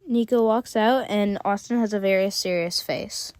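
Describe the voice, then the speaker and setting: A woman's voice: mid-range voice, moderate pace, few pauses, a little mellow, no room sound. Woman reading a fan story, dry close sound.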